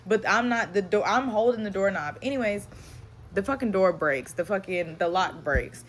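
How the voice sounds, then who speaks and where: A young adult woman telling a real-life story in a blunt, profane, animated way, acting out the dialogue. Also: mid-range voice, moderate pace, a little hiss or hum. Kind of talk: casual storytime vent.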